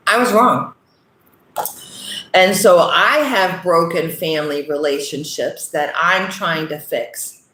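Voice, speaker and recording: Brief: middle-aged woman host, earnest and unhurried, speaking in an echoey room. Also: lowish voice, a bit bright, slight background noise. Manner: earnest, repeats "okay?" often. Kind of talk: casual direct-to-camera talk.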